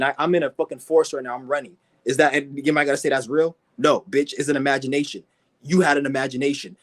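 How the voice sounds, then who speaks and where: Dude ranting hard, cussing nonstop, bit higher voice, mocking people. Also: male voice. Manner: aggressive, mocking, swears constantly; mimics people in high whiny voices. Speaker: vlogger. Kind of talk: profane ranting monologue.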